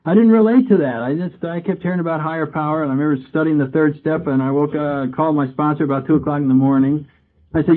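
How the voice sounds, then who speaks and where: A man's voice: on the high side, fast. Man sharing his recovery story at a meeting, chatty, acts out old conversations; lo-fi tinny tape. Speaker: AA speaker.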